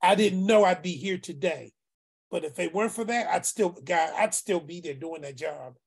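A man on a video call telling an emotional story to friends, animated and acting out bits of dialogue. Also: sits high, normal speed, vocal fry, slightly rough. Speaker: group call participant, former youth worker. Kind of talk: heartfelt storytelling among friends.

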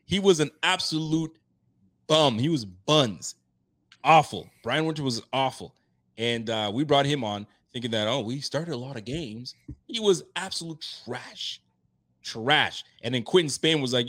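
Animated laughing sports podcast man. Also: mid-range voice, normal speed. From Haitian roots. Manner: animated, laughing, swings loud for emphasis. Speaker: podcast host. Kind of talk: casual sports chat.

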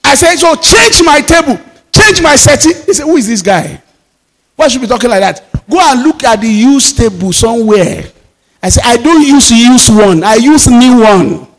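A Nigerian man preaching a sermon as pastor, with fervent declarations that rise into shouts. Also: very high-pitched, very animated, moderate pace, big-room sound.

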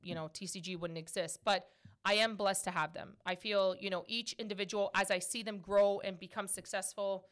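A woman in her thirties hosting a podcast, answering questions in a chatty, animated way. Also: mid-range voice, moderate pace. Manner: chatty, animated, laughs often. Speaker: podcast host. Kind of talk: casual podcast Q&A chat.

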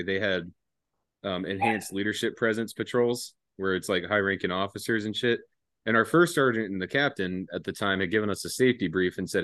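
A young man relaxes into a rambling, foul-mouthed story as a podcast guest. His voice sits on the low side and sounds dry and close. He chuckles as he goes and takes detours in the telling. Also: a bit bright, dry recording. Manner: profane, laughing, rambling. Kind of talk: casual storytelling.

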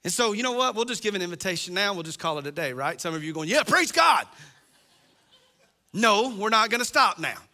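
A man's voice: sits high, expressive, fast talker, few pauses, bright, forceful tone. A middle-aged man preaching a sermon as pastor, impassioned and acting out the voices he quotes.

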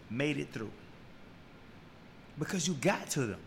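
A man hosting a podcast, giving a preachy motivational talk, repeating key lines and building from slow and low to loud and high. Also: expressive, creaky, slight background noise. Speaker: podcast host.

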